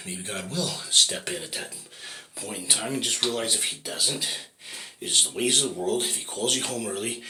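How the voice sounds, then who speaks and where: A man's voice: fairly low pitch, pushed and bright. A man vlogging in a casual, rambling way, swearing often and checking in with "right?". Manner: rambling, profane, keeps asking "right?". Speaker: fitness vlogger. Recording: echoey room with faint noise.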